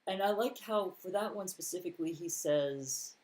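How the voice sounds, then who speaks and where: A man's voice: sits high, normal speed, darkish tone, poor audio. A man reading scripture aloud and commenting on it in a casual, conversational Bible teaching, with mild sarcastic asides. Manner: reads scripture aloud, then comments plainly.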